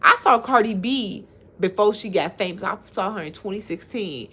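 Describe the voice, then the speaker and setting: A woman's voice: medium pitch, animated, moderate pace, pushed and bright, breathy edge. A woman in her thirties hosting a casual livestream, chatting and reacting to viewer comments, often laughing. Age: 30s. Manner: laughs often while talking. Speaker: livestream host.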